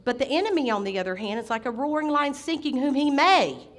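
A middle-aged woman preaching a sermon as senior pastor, impassioned, with sudden loud outbursts. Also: high voice, sing-song, brisk.

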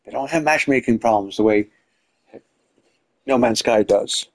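A man's voice: medium pitch, a little slow, creaky. A man talking casually over his own gameplay in a dry, wry way, muttering to himself. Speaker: gameplay video creator.

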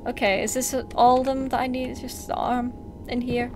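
A woman's voice: on the high side, level tone, moderate pace, soft background music. A woman commenting on a horror game as she plays, chatty and sarcastic, talking back to the mannequins and jumping at scares. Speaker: gameplay streamer.

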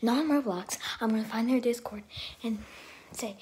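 A woman talking to camera in a rambling, profane vlog rant, swinging between loud outbursts and half-whispered asides. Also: on the high side, moderate pace, slightly rough. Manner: profane and ranting. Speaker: vlogger.

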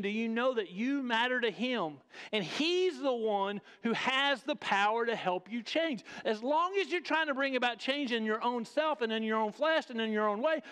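His voice is very high-pitched, clean and fairly bright as he preaches an emphatic sermon, the church hall's long reverb trailing behind him. Addressing the sanctuary's congregation as "folks," he asks them pointed questions.

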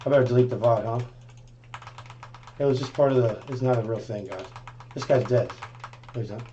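A man's voice: mid-range voice, a little fast, mellow, dull audio, slight background noise. A man livestreaming, trading brash, profane taunts and repeating his jabs. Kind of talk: heated livestream argument.

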